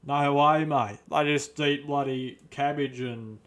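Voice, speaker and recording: A man's voice: fairly high pitch, fairly even intonation, takes it slowly, fairly bright tone. A man playing a crude, boastful middle-aged Australian bogan who speaks in blunt slang and swears freely, with an Australian accent. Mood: scornful. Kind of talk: comedic character monologue.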